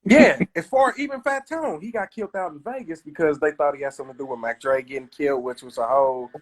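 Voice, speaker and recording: A man from Kansas City, a comedian telling stories in casual chat on a live stream. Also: a little high. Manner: storytelling, does quick voices of others.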